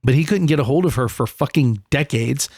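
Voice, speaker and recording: A man co-hosting a podcast, telling a story in casual chat, animated and swearing freely. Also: mid-range voice, brisk, breathy edge, no room sound, studio quality. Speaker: podcast co-host.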